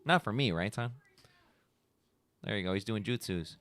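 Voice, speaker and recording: This podcast host has a fairly low, animated voice, a bit bright and clean, at a normal speed with no room sound. He chats casually on a podcast mic, wandering a bit and leaning on "like" and "you know" a lot.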